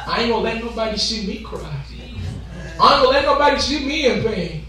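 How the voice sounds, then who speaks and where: A man's voice: extremely high pitch, very animated, a little fast, a crowd in the background. A man preaching a Pentecostal sermon, chanting with rhythmic gasped "huh"s between phrases and stretching out key words in call-and-response with the congregation. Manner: shouting and drawing out key words. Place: church sanctuary. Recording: echoey church from far off.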